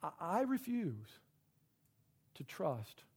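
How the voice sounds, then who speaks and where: Man, middle-aged, pastor, sermon, emotional, halting speech, earnest, somewhat high voice. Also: huge pitch swings, vocal fry, darkish tone, slightly rough. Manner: emotional, halting, repeats words; earnest and personal.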